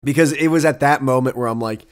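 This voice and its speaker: A man's voice: mid-range voice, quick pace, clean tone. A young man hosting his own podcast alone, talking casually in a rambling, profane way that keeps breaking off into asides. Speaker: podcast host. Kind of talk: casual solo podcast monologue.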